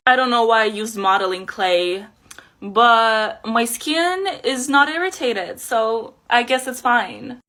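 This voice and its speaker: A woman's voice: on the high side, slow pace, sharp tone. A young woman chatting casually and joking at her own expense while she peels off special effects makeup for her vlog. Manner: chatty, joking, self-mocking. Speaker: makeup vlogger.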